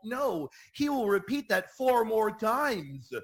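A man hosting a Catholic radio program, answering listener questions with emphatic, energetic teaching and mock objector voices. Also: sits high, takes it slowly, vocal fry, hardly any pauses. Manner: emphatic, animated, repeats key phrases with bursts of enthusiasm.

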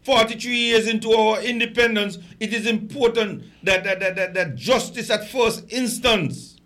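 A passionate man talks as a radio show guest in a bright, fairly high voice. He presses his points hard, often stumbling over repeated words. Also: normal speed, few pauses. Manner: passionate, emphatic, stammering repeats. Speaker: guest, political activist. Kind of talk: impassioned radio talk.

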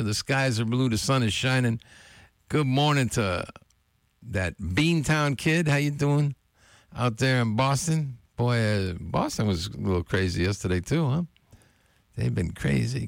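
Low gravelly guy dj on college radio, laid back, giving shout-outs, dry close studio sound. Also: unhurried, dry recording. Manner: relaxed, friendly shout-outs to listeners. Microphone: studio mic, close.

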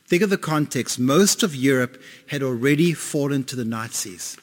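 A man's voice: medium pitch, animated, moderate pace. A man preaching a sermon to a congregation, conversational and asking them questions. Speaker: pastor. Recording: long hall reverb.

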